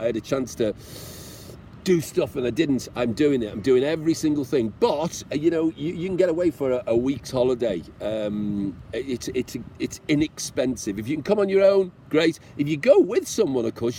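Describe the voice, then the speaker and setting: A chatty British man, speaking at a middle pitch, vlogging outdoors about riding his motorbike across countries. He talks to the viewer in a warm, encouraging way and mocks himself with the odd joke. The faint hum of traffic and street sounds sits behind his voice. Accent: British English. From Britain. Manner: chatty, encouraging, self-mocking, jokingly tearful. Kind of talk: casual chat to camera.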